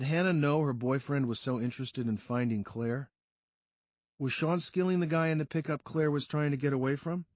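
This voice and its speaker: A man reading a first-person crime story aloud in a steady storytelling delivery. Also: fairly high pitch, moderate pace, no echo, dull audio. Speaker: audiobook narrator. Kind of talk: first-person scripted narration.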